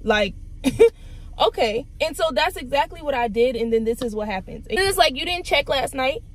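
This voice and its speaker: Young woman, exasperated ranting, fairly high voice, vlog from a car. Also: lively intonation, rough recording. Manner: exasperated, venting in rapid rants. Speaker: vlogger.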